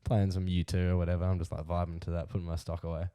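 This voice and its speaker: A young Australian man with a fairly low voice tells a rambling story on a podcast. He uses a lot of slang and chuckles as he talks. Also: level tone, rapid-fire, dark tone, clean tone. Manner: laughs through his own story, slangy. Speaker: podcast co-host. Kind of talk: casual storytelling chat.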